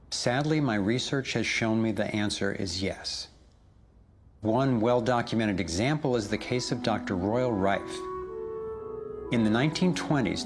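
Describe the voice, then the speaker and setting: Deep-ish guy doing doc narration, earnest, music bed behind him. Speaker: documentary narrator. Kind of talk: scripted documentary narration. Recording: voice-over with loud music underneath.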